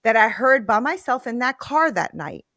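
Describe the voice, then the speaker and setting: A middle-aged woman hosting a podcast interview, telling a personal story in an earnest, animated way. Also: on the high side, moderate pace, no echo, studio quality. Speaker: podcast host. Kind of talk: conversational interview.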